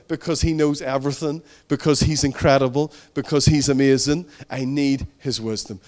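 A man preaching a sermon as pastor, fervent and repetitive, swinging between emphatic rises and hushed, tender passages. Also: mid-range voice, fairly even intonation, normal speed.

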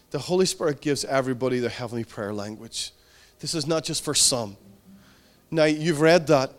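A man preaching from the pulpit, his voice sitting a little high for a man. He drives points home with repetition and rising emphasis, then drops into soft, tender stretches. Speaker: pastor. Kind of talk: sermon.

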